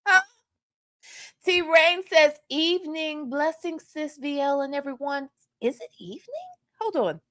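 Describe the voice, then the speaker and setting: A woman's voice: high voice, unhurried, a bit bright, no echo, studio quality. A woman hosting a casual gossip livestream, playfully teasing and greeting her chat viewers one by one.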